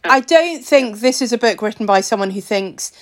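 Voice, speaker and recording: A woman's voice: fairly high pitch, animated, normal speed, fairly bright tone. Thoughtful woman hosting a podcast. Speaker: podcast host. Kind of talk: podcast interview.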